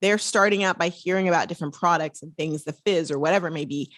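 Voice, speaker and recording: A woman's voice: fairly low pitch, fairly bright tone, dry recording, studio quality. Chatty woman hosting a podcast. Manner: chatty, playful, quick asides. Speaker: podcast host. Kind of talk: casual podcast chat.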